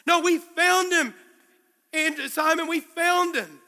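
A pastor voicing a breathless, excited young man rushing to tell his brother some news. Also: very high-pitched, long reverb tail, pitched above the performer's own voice, full character voice.

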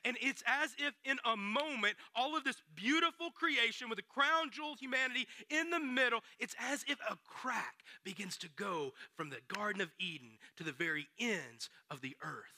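A man preaching a storytelling sermon, dramatic and dropping to hushed near-whispers for emphasis. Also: very high-pitched, lively intonation, normal speed, few pauses, no echo, clean studio sound.

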